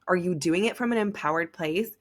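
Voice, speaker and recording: A young woman with a fairly low-pitched voice hosts a podcast, talking briskly. She tells a personal story in a chatty, casual way, leaning heavily on "like".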